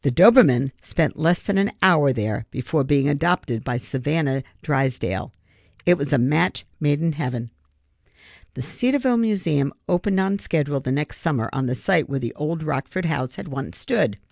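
A narrator reading a children's novel aloud in steady audiobook narration. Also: mid-range voice, moderate pace, creaky, no echo, clean studio sound. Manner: steady storytelling.

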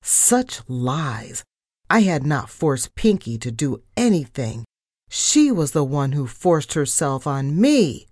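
A woman reading a children's storybook aloud in an expressive way. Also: low-pitched, slow, no room sound, studio quality.

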